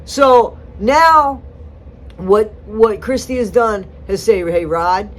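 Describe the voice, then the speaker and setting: A woman's voice: a little high, animated, slow pace. A woman giving casual, rambling commentary on a TV clip, chatty with sarcastic asides. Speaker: commentary vlogger.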